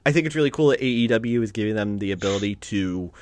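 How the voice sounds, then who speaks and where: A man co-hosting a podcast in casual chat, talking with excitement and swearing freely. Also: on the low side, quick pace, dry recording. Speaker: podcast co-host.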